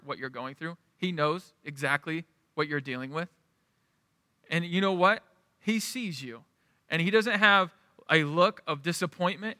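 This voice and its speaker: A middle-aged man preaching in a church, his voice high and strikingly bright. He talks to the congregation conversationally and keeps checking in with them. His words ring out with a long reverb tail from the hall. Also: clean studio sound. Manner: conversational, asks the room "right?". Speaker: pastor. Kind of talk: sermon.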